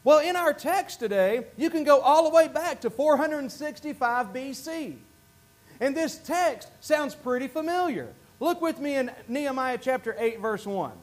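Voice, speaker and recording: Folksy Southern preacher, high voice. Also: male voice, moderate pace. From North Carolina. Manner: folksy, self-deprecating, animated with many restarts. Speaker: pastor. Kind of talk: sermon. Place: church sanctuary.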